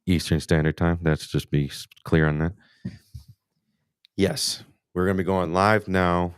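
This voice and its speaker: A man's voice: sits low, steady tone, a little slow, clear, resonant tone, dry recording, clean studio sound. A man hosting a casual live hunting podcast, rambling and cursing freely with many restarts. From United States. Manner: rambling, profane, frequent restarts. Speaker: podcast host.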